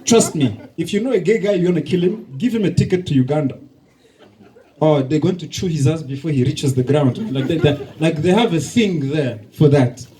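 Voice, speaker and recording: Hosting a bar comedy night and doing his own set, this man speaks at normal speed in a fairly high voice, acting out dialogue in lively stories. The recording is rough, with laughter from the crowd and faint bar noise behind him.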